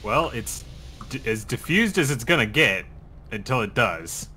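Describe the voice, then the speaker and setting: A man's voice: mid-range voice, big pitch swings, unhurried, sharp tone, a little hiss or hum. A young man chatting casually while gaming with a friend, teasing him in a dry way. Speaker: co-player. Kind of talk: casual gameplay chat. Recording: keyboard typing behind.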